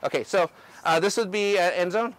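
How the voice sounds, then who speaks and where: A man coaching a group through drills outdoors, energetic and instructive, often checking in with "okay?". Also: sits high, a little fast. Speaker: ultimate coach. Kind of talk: outdoor coaching clinic demonstration. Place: outdoor field.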